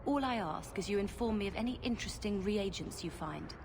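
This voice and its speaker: An actress playing a poised, married noblewoman who deals in potions in a video game, speaking smoothly and with coy politeness. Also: medium pitch, animated, fairly quick. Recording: noisy game audio.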